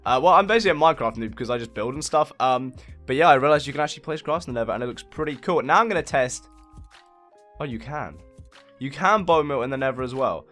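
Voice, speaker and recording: A man's voice: medium pitch, animated, fast talker, a bit bright, faint music behind. A man hosting a casual building tutorial while he plays, talking in a rambling, laid-back way with lots of fillers and self-mocking asides. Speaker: game building channel host.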